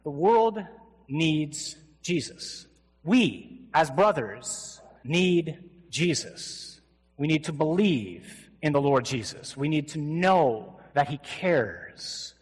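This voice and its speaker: A Catholic priest giving an animated, joking sermon at a men's conference, recorded live in a large hall. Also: male voice, a little high, slow, slightly rough. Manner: animated, joking, mimics flat gospel readings. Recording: live talk with long hall reverb.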